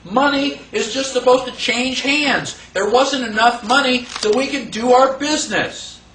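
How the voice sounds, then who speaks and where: An animated man with a high voice lectures a class, firing rhetorical questions at the room and acting out the voices of the people he quotes. He is recorded from far off in an echoey classroom. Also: measured pace, slight background noise. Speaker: teacher.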